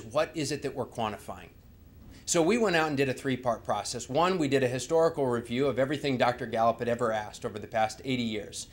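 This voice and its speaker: Man giving a conversational slide talk. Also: medium pitch. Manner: conversational, asks the audience rhetorical questions. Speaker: presenter.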